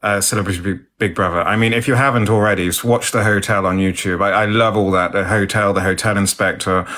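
A man co-hosting a relaxed live stream, reading out comments in a posh, theatrical way. His voice sits a little low. He plays up old-fashioned words with self-mocking humour. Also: quick pace.

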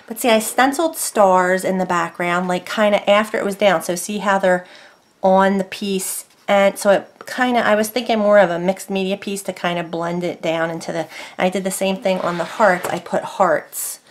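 A woman's voice: mid-range voice, steady tone, moderate pace. A woman crafter talks through her projects in a loose, rambling way, stopping and correcting herself often. She chats casually from her desk at home. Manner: rambling, chatty, full of fillers and self-corrections. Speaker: craft vlogger. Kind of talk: casual show-and-tell chat.

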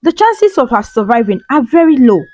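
A woman voicing a serious, doubtful male doctor who speaks gravely. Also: high voice, very animated, a little fast, a little mellow, no room sound, faint music behind. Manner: grave, sighing.

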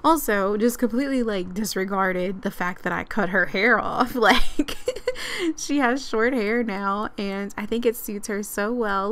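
A young woman giving chatty, excitable let's-play commentary with frequent giggles. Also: medium pitch, a little slow. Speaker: gaming channel host.

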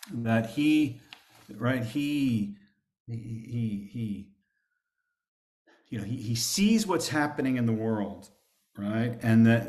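A man's voice: medium pitch, a little mellow. A man teaching a history class as a rabbi, speaking with many fillers and restarts and reading quoted texts aloud with more emphasis. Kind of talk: lecture with slides. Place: synagogue classroom. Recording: roomy echo.

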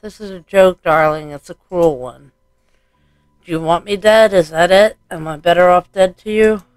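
A man playing a horror game and reading its story aloud slowly and deliberately, in a hushed tone. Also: high-pitched, clean tone, no room sound. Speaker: let's play gamer. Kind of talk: dramatic reading of game text.

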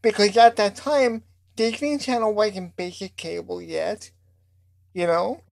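A woman's voice: mid-range voice, fairly even intonation, unhurried, vocal fry, a little mellow. A woman interviewing guests, asking thoughtful questions with many fillers.

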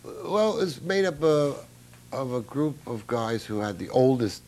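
A man's voice: mid-range voice, sing-song, unhurried, darkish tone. A man, a jazz musician being interviewed, telling anecdotes in a chatty way with many "you know" fillers. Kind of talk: casual interview storytelling.

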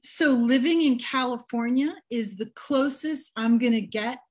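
A woman's voice: on the high side, darkish tone. A middle-aged woman from New York doing a wry stand-up set. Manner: wry, unhurried delivery. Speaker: stand-up comedian.

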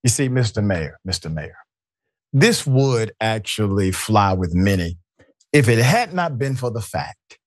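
A man's voice: on the low side, lively intonation, a little slow, dry recording, studio quality. A man hosting a news commentary show, speaking emphatically and indignantly as he directs the crew and walks through a story.

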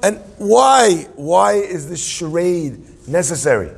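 A man leading a Torah class, playful and self-deprecating, and often wandering into musing asides. His voice is gravelly and husky, pitched slightly above the usual male range. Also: very animated, slow. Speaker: Torah teacher.

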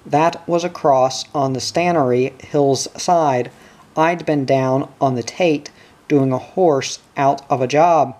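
A man reading a gruff, sarcastic miner who grumbles in slow, unhurried phrases. The voice is dark and mellow, and the tone is sharp-tongued, in a plain audiobook reading. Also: mid-range voice, steady tone, lightly acted. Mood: bitter.

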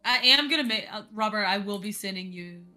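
A woman's voice: mid-range voice, lively intonation, a little fast, bright, forceful tone. A woman chatting casually on a live stream, rambling with lots of fillers.

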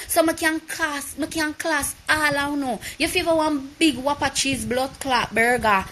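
Forceful, heated Jamaican woman ranting. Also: high-pitched, measured pace, few pauses, a little hiss or hum. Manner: animated, profane, heated storytelling. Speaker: vlogger. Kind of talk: live rant to viewers.

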